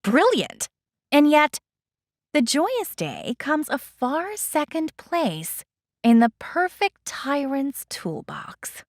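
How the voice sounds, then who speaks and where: A woman's voice: high voice, wildly swooping pitch, takes it slowly, dry recording, studio quality, pitched above the performer's own voice, full character voice. A woman voicing an angry, defiant female teacher in an audiobook, sarcastic and biting. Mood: scornful. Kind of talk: audiobook character voice.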